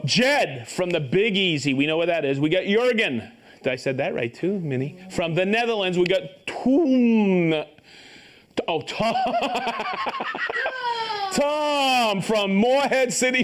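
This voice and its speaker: Brief: high, animated male host, upbeat and joking, calling out viewer shout-outs live. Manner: upbeat, reads viewer names and places, jokes and stumbles on pronunciations. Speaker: host of a live tool show.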